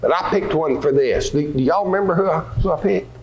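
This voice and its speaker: A man's voice: fairly high pitch, brisk, a little mellow, muffled recording. A man teaching a Bible lesson to children, asking them questions and acting out scripture scenes. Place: church hall. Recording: echoey room with faint ambience.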